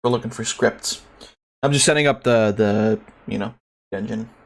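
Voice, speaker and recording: A man's voice: fairly low pitch, normal speed, gravelly. A young man streaming a game, chatting casually in a rambling, profane, ranting way. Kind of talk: casual live-stream commentary.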